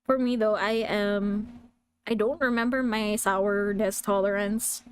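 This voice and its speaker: A woman's voice: mid-range voice, steady tone, unhurried, slight background noise. A woman streamer chatting casually with her viewers, giggly and self-deprecating. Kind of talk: casual live-stream chat.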